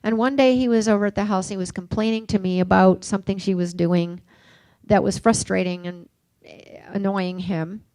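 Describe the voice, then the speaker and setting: Gravelly older woman giving a workshop talk. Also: mid-range voice, fairly even intonation, moderate pace, no room sound. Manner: reflective, anecdotal, gently questioning. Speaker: workshop speaker.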